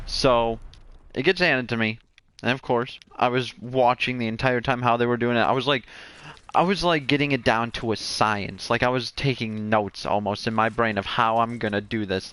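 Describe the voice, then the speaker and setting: A man casually telling a rambling personal story in a laid-back, animated way. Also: mid-range voice, normal speed, clean tone, dry recording.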